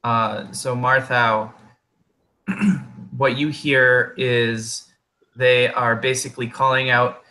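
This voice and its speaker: Slow, bright-voiced male game master. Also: medium pitch, flat delivery. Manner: unhurried, filler-heavy, explaining patiently. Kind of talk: narrating a tabletop game.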